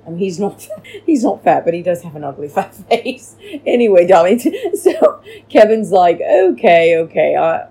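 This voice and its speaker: A woman's voice: mid-range voice, big pitch swings, moderate pace, mellow, slightly rough, rough recording. A woman hosting a podcast, rambling through a casual recap chat and calling her listeners darlings, recorded at home on a cheap microphone. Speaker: podcast host. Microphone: cheap free microphone.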